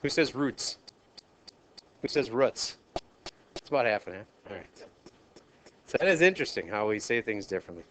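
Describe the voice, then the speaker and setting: Minnesotan math teacher lecturing a class. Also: male voice, lowish voice, big pitch swings, fast talker, fairly bright tone, slight background noise. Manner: asks the class questions, jokes and polls students.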